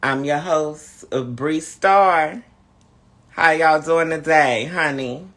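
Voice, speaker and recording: A camp host with a bright, forceful voice, talking slowly and sassily through a live-stream chat. He sounds worn out and low on energy, with a drawl that stretches the words. The tone sits a little high for a man.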